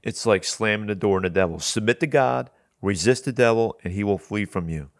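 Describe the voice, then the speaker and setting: A man's voice: lowish voice, fairly quick, no room sound. Earnest man preaching in a dry room. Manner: earnest, repeats words when starting a thought. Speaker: Christian talk show host. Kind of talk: conversational preaching.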